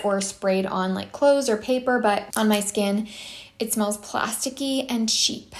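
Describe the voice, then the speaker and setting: Chatty breathless young woman vlogging. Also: mid-range voice. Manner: chatty, rambling with restarts and "like" fillers. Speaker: perfume channel host. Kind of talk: casual vlog review.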